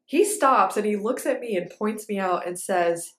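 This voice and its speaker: A young woman dancer telling a story in a casual, animated way, with lots of fillers. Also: medium pitch, normal speed. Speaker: ballet dancer and vlogger. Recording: echoey room.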